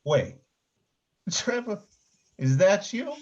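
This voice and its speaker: A man's voice: high voice, very animated, takes it slowly, darkish tone, full character voice. A man reading the part of a crude, teasing homeless older man in a play reading over a video call. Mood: mocking. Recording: dull lo-fi video call audio.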